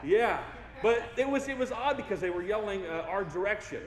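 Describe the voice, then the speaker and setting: A man's voice: high-pitched, animated, a little fast. A young man giving a playful keynote to a large audience, joking and getting the crowd to join in. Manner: goofy, playful, engages the crowd. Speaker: keynote speaker. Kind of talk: motivational keynote speech. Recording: echoey hall from far off.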